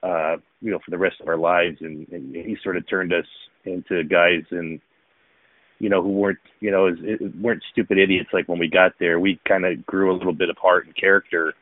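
A former pro baseball player co-hosts a casual talk-show podcast, rambling with lots of fillers and restarts. His low voice barely moves in pitch and runs a little fast, on a dry recording with a narrow, phone-like sound.

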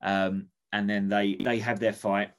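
A man's voice: fairly low pitch, little pitch movement, unhurried, clean tone, soft background music. A man chatting casually, rambling enthusiastically with many restarts. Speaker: podcast co-host. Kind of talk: casual comedic chat.

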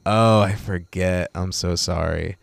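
A man's voice: sits low, fairly even intonation, takes it slowly, gravelly, no room sound. A man co-hosting a podcast, casually telling a story with lots of fillers and restarts. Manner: rambling storyteller, heavy on fillers. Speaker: podcast co-host. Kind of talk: casual chat.

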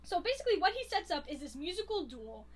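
A woman's voice: extremely high pitch, very animated, fast. A woman co-hosting a podcast, retelling a movie plot in a rambling, giggly way. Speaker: podcast co-host recapping a movie. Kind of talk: casual chat, plot retelling.

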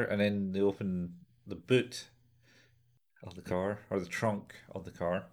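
Man, low voice, casual rambling retelling, chatty recap. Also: flat delivery, a little slow. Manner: rambling retelling with acted-out quotes and laughs. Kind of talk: casual chat recapping an episode.

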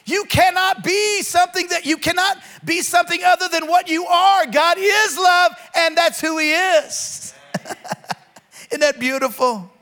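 High-pitched, bright-voiced male preacher. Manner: preaching with sudden shouts and slow drawn-out emphasis; asks the congregation to respond. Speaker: pastor. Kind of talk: sermon.

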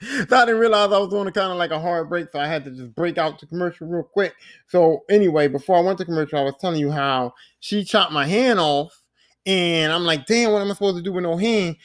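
A man hosting a podcast, recapping a video game in a casual, animated way, full of swearing and sound effects like bang and pop. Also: a little high, brisk. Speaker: podcast host.

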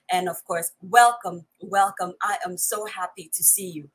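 A woman's voice: mid-range voice, fairly bright tone, breathy edge, rough recording. A woman hosting a live online talk show, energetically greeting viewers in many languages and laughing often. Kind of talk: lively live-stream greeting and chat.

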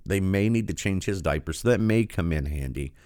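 A man's voice: sits low, animated, a little fast, a little mellow, clean tone, no echo, studio quality. A man giving sarcastic, incredulous commentary, often stopping a video to react.

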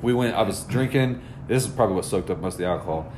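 A man's voice: on the low side, lively intonation, fast, a little mellow, a little hiss or hum. A man telling a long, profane story on a podcast, acting out the people he quotes. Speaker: podcast host. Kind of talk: casual storytelling.

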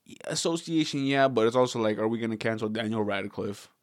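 A man from Southern California rambles through a casual podcast chat. He swears freely and laughs often, and his voice sits a little low. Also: fast talker, dry recording, clean studio sound.

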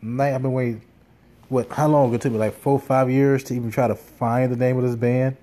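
A man's voice: medium pitch, level tone, fairly quick, warm tone. Rambling, profane man telling a story. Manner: rambling, profane, with many fillers and restarts. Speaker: podcast host. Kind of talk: casual storytelling monologue.

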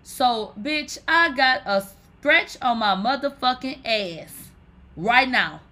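A woman's voice: fairly high pitch, slow pace. A woman hosting a live stream, telling stories to viewers in a loose, rambling way, swearing constantly and calling her audience "bitch". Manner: animated, profane, swears and calls listeners "bitch" often; rambling, with many fillers like "like". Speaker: livestream host. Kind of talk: casual storytelling to viewers.

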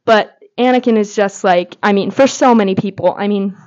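A woman's voice: mid-range voice, moderate pace, a little mellow. Woman host, casual gushing fan commentary, medium voice, dull lo-fi recording. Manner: gushing, heavy filler words. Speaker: podcast host. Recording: slightly dull lo-fi audio.

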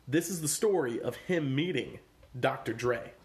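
A man co-hosting a comedy podcast, chatting casually with his brother in a deadpan, joking way. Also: medium pitch, moderate pace. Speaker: podcast co-host.

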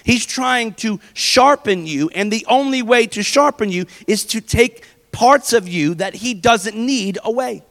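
A male pastor delivers a sermon in a chatty, storytelling manner. His voice sits high for a man. It rings out with a long reverb in a church hall. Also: a little slow, hardly any pauses, fairly bright tone. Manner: conversational preaching with personal stories.

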